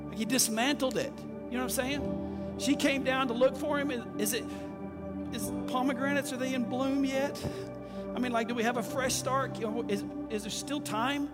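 A man's voice: extremely high pitch, normal speed. A man preaching a sermon to a congregation, talking in a conversational way and calling out for amens. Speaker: pastor. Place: church sanctuary with congregation. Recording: long hall reverb with faint music.

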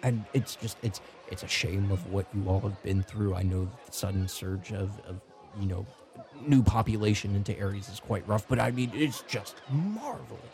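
A flamboyant, self-promoting explorer as a man puts him on bursts with delight in a high, strained voice that sits well above a normal male range. He is loud, bright and theatrical, and he never misses a chance to praise himself. This is a role-play voice from a tabletop game. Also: normal speed, vocal fry. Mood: effusive. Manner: effusive showman who plugs his own books. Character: excitable, pompous middle-aged male explorer and author.

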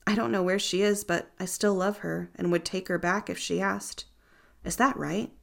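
A woman's voice: medium pitch, steady tone, normal speed, vocal fry, natural voice. A woman reading the part of a heartbroken man whose voice trembles as he pleads for advice, in an audiobook. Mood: pleading. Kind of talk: audiobook narration.

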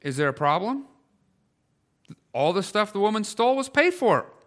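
A man's voice: high-pitched, big pitch swings, normal speed, fairly bright tone. A middle-aged male pastor giving a conversational sermon that builds in intensity, with everyday stories and emphatic questions. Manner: conversational preaching with rising intensity.

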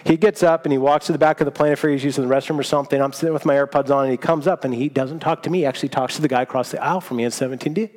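A man preaching a sermon, telling a personal story in a lively, self-mocking way. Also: mid-range voice, very fast, hardly any pauses. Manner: animated storytelling, self-mocking, laughs at himself. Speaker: pastor. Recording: long hall reverb.

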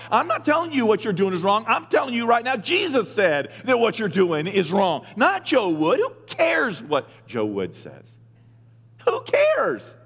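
A male pastor preaching a sermon, retelling scripture in casual slang and building to emphatic shouts. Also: very high-pitched. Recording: long reverb of a large hall.

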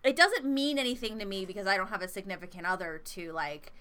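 A woman's voice: mid-range voice, fast, bright, forceful tone, clear, resonant tone. An American woman co-hosting a casual chat podcast, thoughtful and rambling with fillers, often giggling. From United States. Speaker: podcast co-host.

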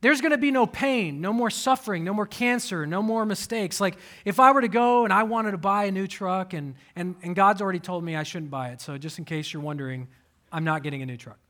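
A man in his thirties preaching a sermon, telling personal stories with animated swings and sudden soft asides. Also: high voice, a little fast. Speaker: pastor.

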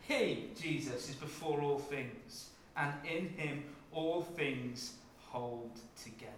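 A man preaching a sermon, dropping to a hush and rising to loud emphasis as he tells the story. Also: a little high, takes it slowly, roomy sound, slight background noise. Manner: dramatic shifts from hushed to loud when acting out scenes.

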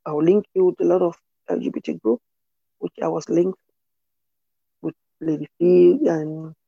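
A woman from Cameroon, telling her own story in an interview in an earnest, halting way with many restarts. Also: lowish voice, level tone, gravelly, breathy edge, no room sound, dull audio. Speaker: interview guest. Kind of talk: personal testimony in conversation.

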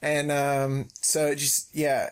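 A man's voice: a little high, monotone, slow, clean tone. A young man co-hosting a podcast, telling prank stories in a joking, rambling way with many ums. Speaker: podcast co-host. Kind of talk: casual chat.

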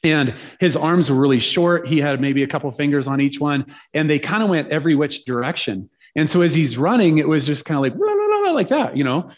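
A man preaching through a personal story, chatty and animated with playful asides. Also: fairly high pitch, a little fast, few pauses. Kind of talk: storytelling sermon.

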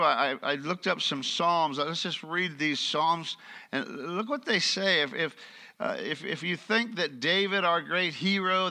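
Bright-voiced male pastor preaching. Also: high-pitched. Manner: animated preaching, reads scripture aloud, asks the congregation questions. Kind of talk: sermon. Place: church.

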